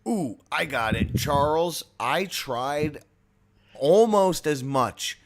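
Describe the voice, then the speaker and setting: A man's voice: fairly high pitch, animated, takes it slowly. A man co-hosting a casual chat with sardonic jokes. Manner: sardonic, joking. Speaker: podcast co-host.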